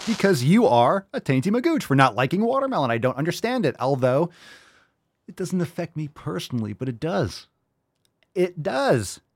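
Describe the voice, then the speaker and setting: A man hosting a comedy podcast, joking in a mock-angry, sarcastic way, jumping between loud jabs and low mutters. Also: very animated, normal speed. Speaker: podcast host. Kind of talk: casual comedic banter.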